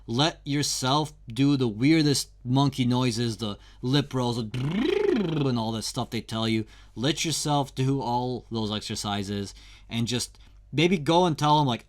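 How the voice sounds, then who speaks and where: A young man talks his way through a singing lesson with loose, conversational slang. He is candid and easygoing, speaking at an ordinary middle pitch. It sounds like an informal lesson addressed straight to the viewer. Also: expressive, measured pace. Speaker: singing teacher.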